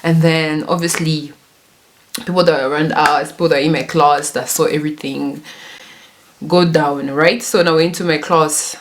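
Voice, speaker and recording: Woman, twenties, lowish voice, chatty storytime, self-mocking, laughs a lot. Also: normal speed, a little hiss or hum. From Congo and South Africa. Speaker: YouTuber. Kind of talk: casual storytime.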